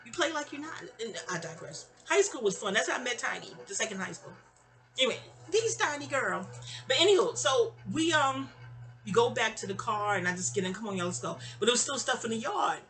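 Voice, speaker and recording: A woman in her fifties telling a long, rambling personal story, animated and digressive, with frequent exclamations. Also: fairly high pitch, a little fast. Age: 50s. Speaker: vlogger.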